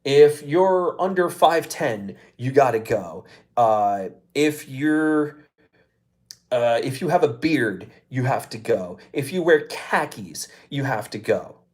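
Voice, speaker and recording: A man hosting a live show talks in a casual, profane rant. His pitch swings widely as he gets worked up, with an exasperated, incredulous edge. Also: animated, takes it slowly. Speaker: show host.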